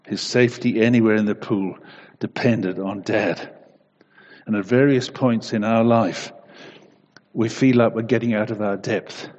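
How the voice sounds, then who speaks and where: Low-voiced preacher in an echoey hall. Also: male voice, fairly even intonation, measured pace, highs cut off. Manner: gentle storytelling, soft prayer. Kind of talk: devotional talk and prayer.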